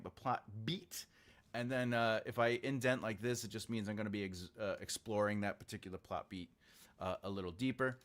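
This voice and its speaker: An author livestreams himself writing a book, typing his outline while thinking aloud, muttering and chatting casually with viewers. His voice is medium-pitched and a bit bright.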